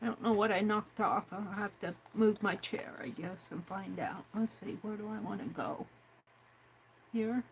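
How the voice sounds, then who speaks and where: A woman's voice: mid-range voice, normal speed, a little hiss or hum, poor audio. A woman hosting a crafting livestream, chatting casually to herself and her viewers while she works. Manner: chatty, talks to herself while working, reads chat aloud.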